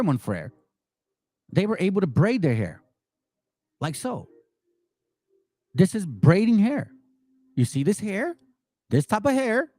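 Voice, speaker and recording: A man's voice: sits high, a little mellow, no echo. A man giving heated commentary and reading passages aloud, angry and emphatic, repeating words for stress. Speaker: commentary host.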